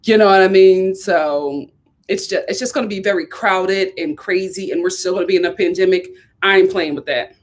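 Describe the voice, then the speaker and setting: A woman from Philadelphia hosting a casual live stream, chatty and animated, repeating herself and laughing often. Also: on the low side, normal speed.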